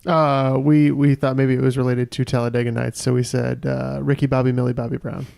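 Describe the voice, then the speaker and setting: A man playing on a trivia podcast who walks through his reasoning in a thoughtful way. His voice has a gravelly fry, and the sound is dry. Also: mid-range voice, flat delivery, fairly quick, a little mellow, dry recording. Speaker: trivia contestant. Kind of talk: casual podcast chat.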